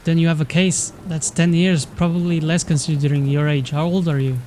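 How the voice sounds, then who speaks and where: A man reading as a calm reassuring detective. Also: fairly high pitch, fairly quick, slight background noise, lightly acted. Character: calm, steady male police detective.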